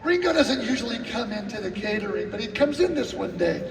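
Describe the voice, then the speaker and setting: This drummer speaks briskly in a high, creaky voice, telling stories at a live clinic with animated impressions of people, quoted lines, and sung drum cues. The recording is distant and echoey, made in a roomy venue hall with faint music underneath.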